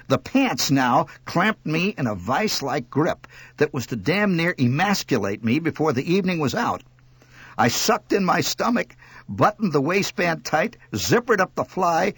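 A man reading a story aloud, wry and expressive. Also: on the high side, breathy edge, no room sound. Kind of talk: scripted narration.

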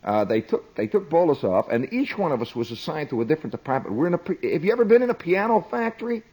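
A middle-aged man telling a comic story, chatty and animated, with frequent asides to the listener. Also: fairly high pitch, quick pace, breathy edge, low-quality recording.

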